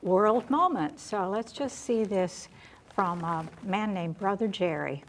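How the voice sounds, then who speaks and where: Woman host of a chat show, mid-pitched, encouraging interviewer. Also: takes it slowly, background noise.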